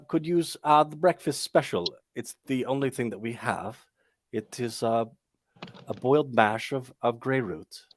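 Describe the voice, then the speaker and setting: A haughty young woman with a stagey, attempted Irish lilt, as a man puts her on, speaking up for her sisters at a table in a tabletop game. The voice is pitched up well above his own. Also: a bit bright.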